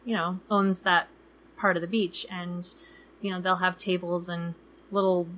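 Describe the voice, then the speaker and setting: A woman's voice: lowish voice, level tone, measured pace, a bit bright. A woman in her thirties co-hosting a travel podcast in casual chat, talking loosely with many fillers and acting out people she quotes. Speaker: podcast co-host.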